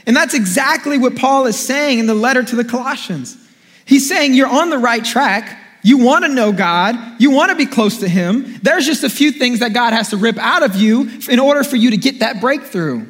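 A young male pastor with a notably high voice preaches to his congregation, spinning a funny, animated story and calling on the room to respond. His voice rings out with the long reverb of a large church hall. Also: moderate pace. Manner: animated storytelling, playful and jokey, calls out to congregation. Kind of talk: sermon.

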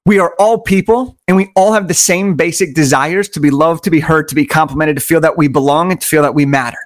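A man telling stories as an interview guest, energetic and enthusiastic, stressing his points through repetition. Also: fairly high pitch, fast talker. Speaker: podcast guest. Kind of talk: conversational storytelling.

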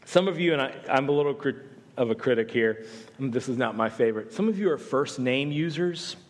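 A man's voice: medium pitch, animated, a little fast, in a large hall. A man from the American South, a campus pastor, giving a humorous, conversational sermon full of self-deprecating asides. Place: church sanctuary.

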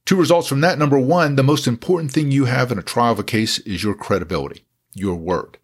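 A man's voice: medium pitch, a little fast, husky. Man, lawyer giving truckers a folksy talk, jokey, repeats key points. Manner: folksy, jokey, with emphatic repetition. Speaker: lawyer advising truck drivers.

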